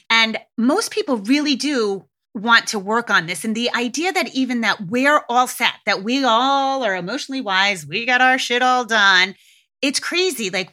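A woman hosting a podcast, talking frankly and casually with swearing and lively acted-out quotes. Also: mid-range voice. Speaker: podcast host. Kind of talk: casual solo podcast talk.

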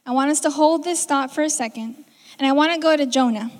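A woman's voice: sits high, a little fast. A woman preaching a sermon in a conversational way, acting out the lines she quotes. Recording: reverberant hall.

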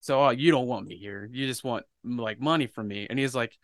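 A man's voice: medium pitch, a little fast, dry recording, clean studio sound. A man telling a personal story in casual podcast chat, swearing freely and acting out the people in it. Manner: profane, animated storyteller. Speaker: podcast co-host.

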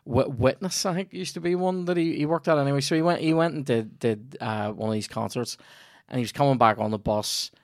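Northern Irish male host, swears freely, spins lively yarns, dead-dry recording. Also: mid-range voice, brisk, no echo. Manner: sweary, animated anecdote telling. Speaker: podcast host. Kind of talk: casual comedy podcast chat.

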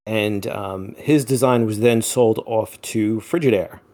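A man's voice: on the low side, measured pace. A man co-hosting a podcast, casually walking through a topic with lots of ums. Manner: relaxed, filler-heavy, laughs easily. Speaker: podcast co-host. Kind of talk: casual chat, presenting a topic.

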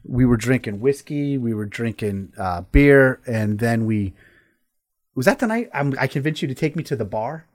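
A man spins a rambling, profane yarn as host of a casual talk show. He's animated and laughs often as he talks. His voice sits at an ordinary middle pitch. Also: normal speed. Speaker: podcast host. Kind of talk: casual storytelling chat.

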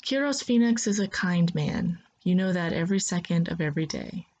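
A woman narrating a sci-fi story in the second person, in a calm, steady storytelling manner. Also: on the low side, brisk.

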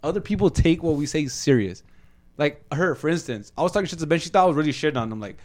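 A man's voice: fairly high pitch, expressive, quick pace, darkish tone. A young man in casual, profane banter with friends, laughing often. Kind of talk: casual chat among friends.

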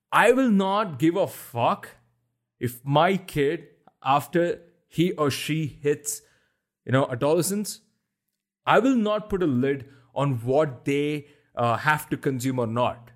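A man hosts a solo podcast into a podcast mic. His voice is deep, and he talks bluntly and emphatically, swearing often as he rants. His pitch sits a little above most men's. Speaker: podcast host.

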